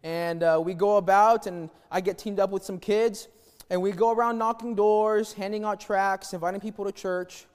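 High-voiced man preaching in a hall. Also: normal speed, clean tone. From New Mexico, USA. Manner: folksy and animated, with many restarts. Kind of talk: sermon with a personal story. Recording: church hall reverb.

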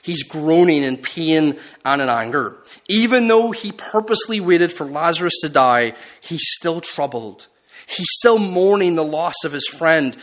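A man delivers a sermon expressively, his voice dropping low and soft for quoted lines and rising for emphasis.

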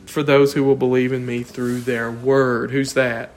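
A man teaching an informal Bible study, lively and questioning, often chuckling as he explains the text. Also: medium pitch, unhurried.

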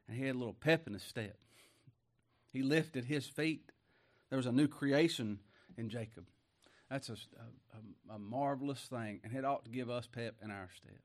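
Man, folksy preacher with a chuckle, tag questions to the pews. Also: expressive. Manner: bursts into high exclaims; slow scripture reading in King James wording. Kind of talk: folksy sermon.

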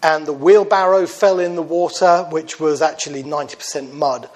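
Male preacher, fairly high voice, chatty storytelling, halting with fillers. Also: fairly even intonation. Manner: conversational, many fillers and restarts, drops quiet for quoted lines. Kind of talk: sermon storytelling.

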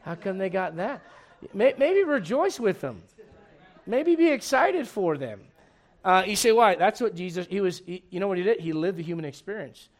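High-voiced animated preacher man. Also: normal speed. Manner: animated preaching with humor and rhetorical questions. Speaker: pastor. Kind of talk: sermon.

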